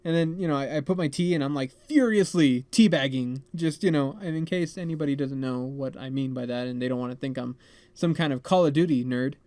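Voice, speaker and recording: A young man hosting a podcast, telling a story in a rambling, animated way full of "like" and "man". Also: medium pitch, fairly quick, dry recording. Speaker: podcast host. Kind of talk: casual storytelling.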